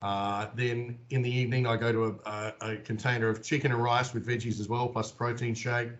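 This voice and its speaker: A man's voice: mid-range voice, level tone, fairly quick, muffled recording. A man in his forties with an Australian accent, a guest telling stories animatedly in an interview. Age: 40s. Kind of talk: casual storytelling in an interview.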